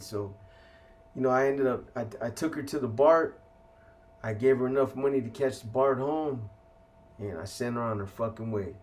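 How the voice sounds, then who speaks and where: A man's voice: mid-range voice, a little mellow. A man from California bluntly recounting his past in casual street slang, with heavy profanity. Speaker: interviewee telling his life story. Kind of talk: casual storytelling.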